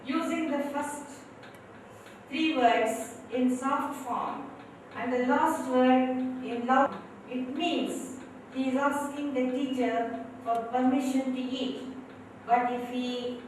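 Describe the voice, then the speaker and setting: A woman lecturing slowly and in a measured way on English grammar at a training session. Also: high voice, fairly even intonation. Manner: slow, measured classroom explanation. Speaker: communication skills trainer. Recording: echoey hall from far off, faint noise.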